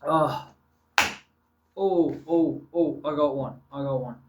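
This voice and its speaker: A man's voice: a little high, slow, background noise. Rambling man vlogging offhand. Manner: rambling, offhand, swears freely. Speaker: YouTuber. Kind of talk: casual rambling vlog monologue.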